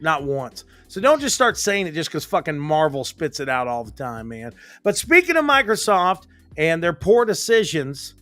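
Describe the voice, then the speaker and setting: Man, podcast host, fairly high voice, dry close mic, swearing, ranting, casual. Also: moderate pace, few pauses, dry recording, soft background music. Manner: ranting, profane, animated. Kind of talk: casual gaming podcast chat. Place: home office.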